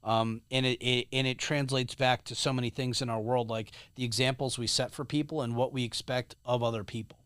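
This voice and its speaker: A man who is a guest on a podcast, telling a story casually in a rambling, animated way with many restarts. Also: medium pitch, a little fast, few pauses, clean tone, no room sound.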